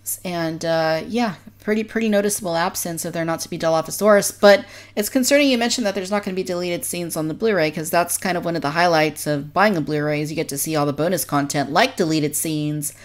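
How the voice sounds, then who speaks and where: A woman's voice: on the low side, fast talker, few pauses. A woman co-hosting a casual podcast discussion, reviewing in an earnest, detailed way. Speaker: podcast co-host.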